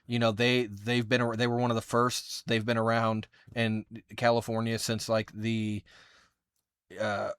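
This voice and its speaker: A man's voice: medium pitch, monotone, unhurried, fairly bright tone, clean tone, dry recording. A man hosting a podcast, talking casually and enthusiastically with lots of fillers. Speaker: podcast host. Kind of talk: casual chat.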